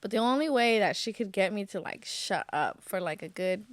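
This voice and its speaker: A woman's voice: mid-range voice, expressive, normal speed, no room sound, clean studio sound. A woman chatting casually as a podcast co-host, telling childhood stories and laughing into her lines. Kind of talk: casual chat.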